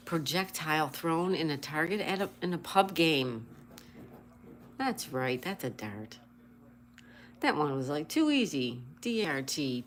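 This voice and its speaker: A low, very animated woman's voice, a little slow, with a slight hiss or hum in the background. The casual livestream host greets viewers by name, reads the chat aloud, and spells each crossword answer letter by letter.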